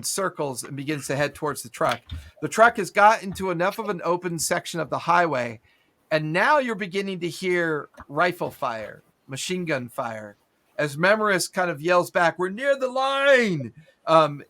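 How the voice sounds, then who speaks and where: A game master narrates a tabletop battle in cinematic detail, yet stays relaxed and chatty with the occasional filler. His voice is bright, forceful, and a bit on the high side.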